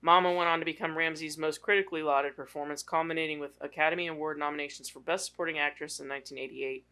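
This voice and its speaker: A woman's voice: low voice, steady tone, fast, pushed and bright. A woman co-hosting a casual movie podcast, reading out trivia with a wry, teasing manner. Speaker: podcast co-host, trivia segment.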